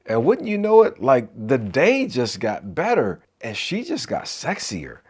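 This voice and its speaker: A man's voice: medium pitch, wildly swooping pitch, measured pace, darkish tone, slightly rough. A middle-aged man, a marriage coach, giving an encouraging talk to camera with preacher-like call-and-response asides.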